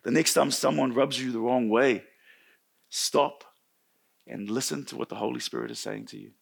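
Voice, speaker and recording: A middle-aged man preaching a sermon in church, telling a personal story with animated swings from loud to hushed. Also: mid-range voice, normal speed, creaky, husky. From New Zealand.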